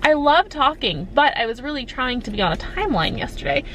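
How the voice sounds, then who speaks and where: A woman's voice: sits high, sing-song, fairly quick, fairly bright tone, a little hiss or hum, poor audio. A young woman, a teacher, chatting casually and upbeat in her vlog, talking into a phone camera from her car. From Maine, USA. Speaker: teacher vlogger.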